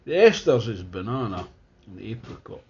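A man's voice: fairly low pitch, sing-song, normal speed, a little mellow, dull audio. Chatty Scottish man reviewing beer. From Scotland. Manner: chatty and enthusiastic, thinking aloud with restarts. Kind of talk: casual tasting review.

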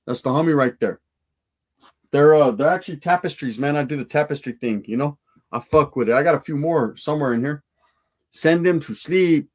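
A man's voice: mid-range voice, darkish tone. A man, chatting loosely on a stream in street slang with Spanish words mixed in. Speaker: livestream host reacting to a film and reading chat. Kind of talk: casual chat.

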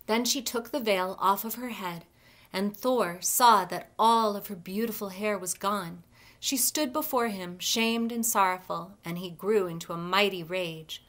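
Brief: library storyteller, woman, measured expressive read-aloud. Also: medium pitch.

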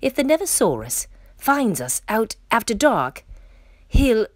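A woman voicing a sleepy, timid baby gorilla who talks in a quick, squeaky way. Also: sing-song, no echo, clean studio sound. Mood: eager.

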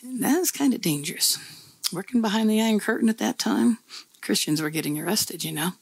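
Husky-voiced woman preaching conversationally. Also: mid-range voice, lively intonation, brisk, dry recording. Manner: conversational, folksy storytelling with repeated phrases. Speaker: pastor. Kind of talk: sermon.

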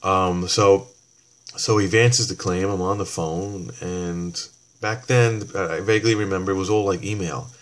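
A man's voice: low voice, steady tone, a little slow. A man ranting heatedly about a store, swearing and rambling, acting out both sides of phone calls. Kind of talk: casual rant.

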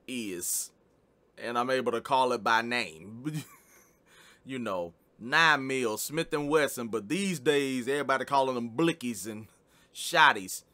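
Man, Southern US accent, reaction host, slow, laid-back, bright voice. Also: medium pitch. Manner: laid-back, laughs, folksy asides. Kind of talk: casual reaction commentary.

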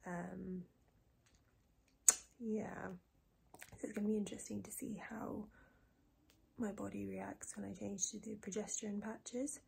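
A woman in her twenties talking casually in a video diary, soft and breathy, often near a whisper, low and tearful. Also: little pitch movement, a little hiss or hum. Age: 20s. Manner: soft, breathy and often close to a whisper, with many pauses and fillers. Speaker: vlogger.

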